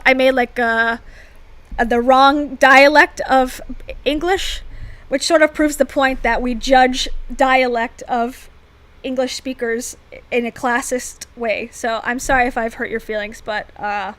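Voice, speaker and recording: A woman's voice: a little high, a bit bright, low-quality recording. A woman from Florida, co-hosting a livestream in casual, self-deprecating chat and laughing often. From Florida, United States. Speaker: livestream co-host.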